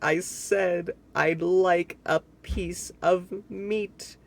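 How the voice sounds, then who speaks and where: A man voicing a loud storybook man who booms and shouts every request. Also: lively intonation, normal speed, lightly acted. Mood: booming. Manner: booming, shouted.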